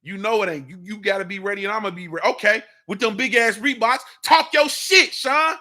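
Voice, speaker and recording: Animated, slang-heavy male morning show host. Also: high voice, fast. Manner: animated, slangy, repeats "you understand what I'm saying". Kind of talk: casual boxing talk monologue.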